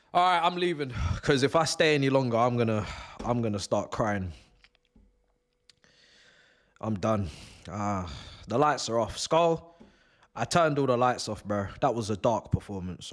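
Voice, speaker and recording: A man's voice: mid-range voice, measured pace. A young man streaming a live football watch-along from home, ranting and swearing with bursts of laughter. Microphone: desk mic.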